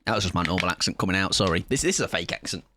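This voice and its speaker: A young man streaming a game, chatting loudly and energetically with his viewers and laughing often. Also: deep voice, expressive, very fast, a little hiss or hum. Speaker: livestreamer. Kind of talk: casual gaming livestream chat.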